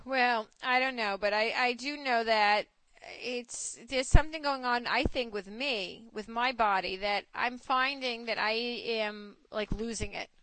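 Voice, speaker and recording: A woman in her forties hosting a casual chat, telling stories in an animated way and acting out quotes. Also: a little high, a little slow, dry recording, rough recording. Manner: chatty, animated storytelling with acted quotes. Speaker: host.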